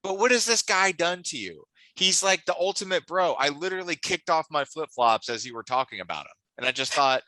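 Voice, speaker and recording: A man's voice: a little high, animated, brisk, hardly any pauses, sharp tone, dry recording, poor audio. A man co-hosting a casual wrestling chat, enthusiastic and teasing, often restarting his sentences. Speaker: podcast co-host.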